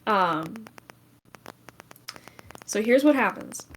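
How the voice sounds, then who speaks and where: A woman running a tabletop game as game master, slow and halting, thinking aloud. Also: medium pitch, lively intonation, a little hiss or hum, poor audio.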